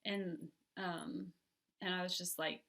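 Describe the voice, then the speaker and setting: A woman from telling a painful personal story as a podcast guest, candid and halting, with many fillers and restarts. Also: on the low side, fairly even intonation, creaky, fairly bright tone.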